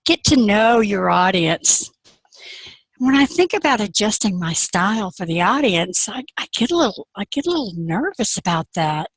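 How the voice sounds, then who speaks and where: A woman's voice: medium pitch, slightly rough, no room sound, poor audio. A woman telling a folk tale in a chatty, conversational storytelling talk.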